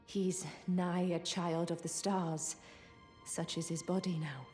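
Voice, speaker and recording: A woman's voice: fairly low pitch, fairly even intonation, takes it slowly, a little mellow. A woman voicing a scheming sorceress mentor in a video game, speaking in formal, archaic phrasing. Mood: musing. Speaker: game character. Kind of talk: voiced video game dialogue. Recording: game audio with long reverb and music.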